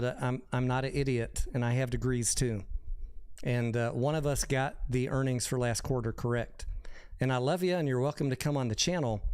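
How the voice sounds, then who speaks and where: A male host of a late-night live stream, talking casually and bluntly, with swearing along the way. His voice is smooth and clear, pitched mid-range. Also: darkish tone. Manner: blunt, profane, defensive.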